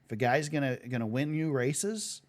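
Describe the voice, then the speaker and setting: A man hosting a podcast, reading out news items and tossing questions to his co-host in a relaxed, casual way. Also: medium pitch, moderate pace. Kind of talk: casual sports chat.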